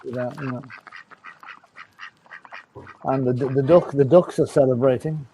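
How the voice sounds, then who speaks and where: A man co-hosting a casual live football chat stream, giving score updates in a relaxed, chuckling way. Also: mid-range voice, unhurried, noisy background.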